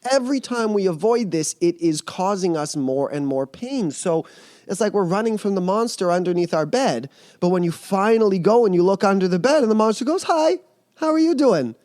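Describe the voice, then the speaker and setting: A man's voice: high-pitched, animated, a little fast, a little mellow, dry recording. A man who mentors people on emotions, speaking earnestly in a podcast interview and explaining his ideas through vivid metaphors.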